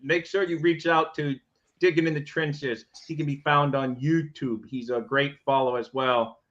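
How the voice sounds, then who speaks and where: A man's voice: fairly high pitch, fairly even intonation, moderate pace, fairly bright tone, lo-fi sound. A man co-hosting a casual sports podcast, rambling and chatty as he talks through the game. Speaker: podcast co-host.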